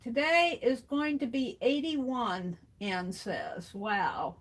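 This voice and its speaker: A woman with a fairly high pitch hosts a laid-back crafting livestream, quietly muttering to herself while she works. She moves off the mic now and then, and there's slight background noise.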